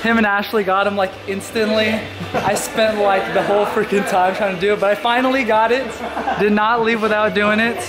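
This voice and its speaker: A man's voice: high-pitched, fairly even intonation, a little fast, a crowd in the background. A man from Texas chatting playfully on a travel vlog, laughing and teasing friends. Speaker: vlogger. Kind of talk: casual travel vlog chat. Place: outdoors and indoors while traveling. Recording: loud background noise, handheld camera.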